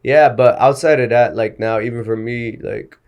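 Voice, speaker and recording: A man in his twenties, a guest comedian, chatting casually on a podcast, relaxed and often laughing. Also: mid-range voice, normal speed. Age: 20s.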